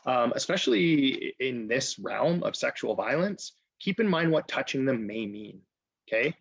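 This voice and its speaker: A man's voice: medium pitch, expressive, moderate pace, no room sound. A man presenting a training webinar, earnest and direct, often checking in with "okay?". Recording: dull lo-fi webinar audio.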